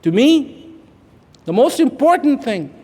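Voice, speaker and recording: A man's voice: extremely high pitch, big pitch swings, slow pace. Emphatic man. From India. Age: 50s. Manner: repetitive, emphatic, swings from hushed to loud. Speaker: public speaker. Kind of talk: inspirational speech to an audience. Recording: echoey large hall.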